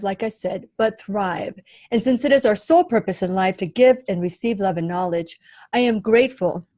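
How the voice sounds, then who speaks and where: A woman hosting her own radio talk show, speaking in an earnest, slow and emphatic way. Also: on the high side, a little mellow, no echo. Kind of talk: warm radio show chat.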